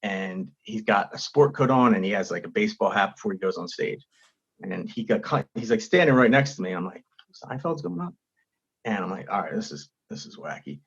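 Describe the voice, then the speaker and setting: A man with a slightly husky, breathy voice tells an animated story, slipping into quick impressions of the people in it. The sound is a bit dull and lo-fi, as if recorded on a modest setup. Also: fairly low pitch. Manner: animated storytelling, acts out quotes. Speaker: stand-up comedian, guest. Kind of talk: casual podcast chat.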